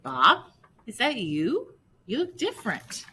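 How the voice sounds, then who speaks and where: An excited male dog owner, as a woman voices him in a storybook read aloud, calling out with a raised, high, lively voice. The tone is bright and amazed. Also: slow, slight background noise, heavily acted.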